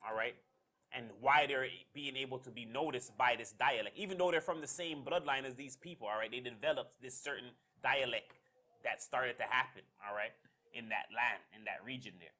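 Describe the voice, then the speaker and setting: A man leading a church Bible study, explaining passages slowly and checking in with "all right?" as he goes. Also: medium pitch, bright, forceful tone.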